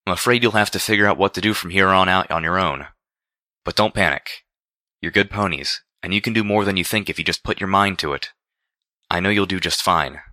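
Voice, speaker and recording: A man voicing a calm, sweet-sounding female pony speaking in a recorded message. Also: low-pitched, a little fast, no room sound, studio quality. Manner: calming and reassuring.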